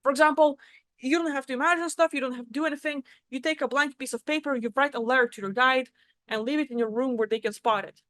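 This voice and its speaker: A spiritual vlogger gives a casual teaching monologue on spiritual practice, speaking fast in a high, fairly bright voice. She is blunt and swears freely as she explains, and the recording has no echo.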